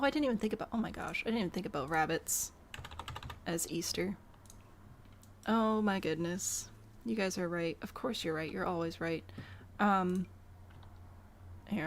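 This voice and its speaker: A woman's voice: lowish voice, a little hiss or hum. A woman live-streaming a building game, chatty and self-amused as she talks to her chat while she builds. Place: home room.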